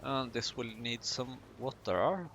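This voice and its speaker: Slow, gravelly man narrating gameplay. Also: mid-range voice, noisy background. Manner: chatty, self-mocking asides while building. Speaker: gaming video host. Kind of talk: casual let's-play commentary.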